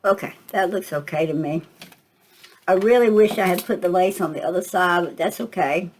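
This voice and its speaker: A woman's voice: fairly low pitch, moderate pace, poor audio. An older woman, casually talking through a craft tutorial and thinking aloud as she works, with a slight cough. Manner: chatty, thinking aloud with fillers. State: coughing at times.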